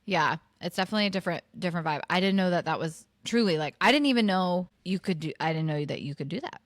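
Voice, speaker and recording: Woman, podcast co-host, casual rambling chat, lower pitch, dry sound. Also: lively intonation, fast talker, no room sound. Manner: chatty, swearing, lots of fillers and laughs.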